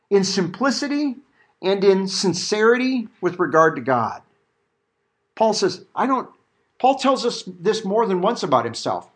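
A middle-aged man preaching a verse-by-verse sermon, animated and acting out the quotes he reads. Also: high voice, measured pace. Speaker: pastor.

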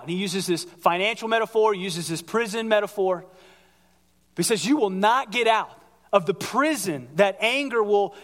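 A man preaching a sermon as pastor in a large church hall, animated and conversational, acting out quoted voices. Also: high voice.

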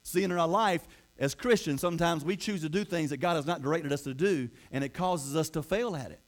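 A man's voice: a little high, brisk. A man preaching a storytelling sermon, conversational with playful asides and frequent restarts.

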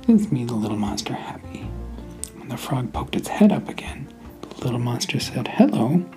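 A man hosting a podcast, telling a bedtime story in a soft, hushed, partly whispered voice. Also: medium pitch, very animated, over music, poor audio. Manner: slow, hushed, half-whispered. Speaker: podcast host.

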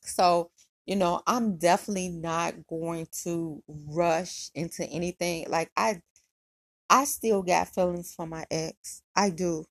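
A woman's voice: fairly low pitch, fairly even intonation, takes it slowly. A woman hosting a podcast, casually telling a personal story in a chatty, slangy way with lots of "um" and "he was like.". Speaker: podcast host.

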